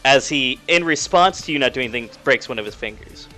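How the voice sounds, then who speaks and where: A young man narrating as game master of a tabletop game, casual and halting with lots of fillers. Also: mid-range voice, expressive, bright, forceful tone, faint music behind.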